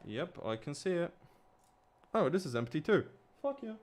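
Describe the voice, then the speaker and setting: A man's voice: a little high, lively intonation, moderate pace. A man with an Eastern European accent, a non-native English speaker, chatting casually and swearing under his breath while building a model kit. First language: not English. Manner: mumbling, swearing, talking to himself.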